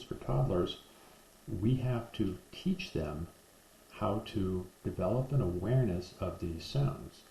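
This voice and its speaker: A man giving a parenting lesson to camera, slowly drilling speech sounds one by one, recorded with poor sound in an echoey room. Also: fairly low pitch, creaky, mellow, a little hiss or hum. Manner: slow, deliberate, repetitive drilling of speech sounds. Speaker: parenting educator. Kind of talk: instructional talk to camera.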